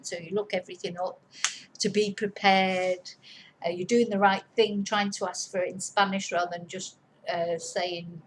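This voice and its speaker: A woman teaches Spanish pronunciation in a relaxed, chatty way, wandering off and circling back as she explains. Her voice sits at a middling pitch, with a faint hum of room noise behind her. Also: low-quality recording. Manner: chatty, rambling, self-correcting. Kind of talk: casual explanatory lesson.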